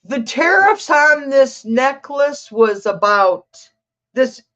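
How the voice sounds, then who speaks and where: Older woman, tarot stream host, slow lively chat, slightly dull audio. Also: high-pitched. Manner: chatty, reads out viewer comments, talks to her cat. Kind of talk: casual livestream chat.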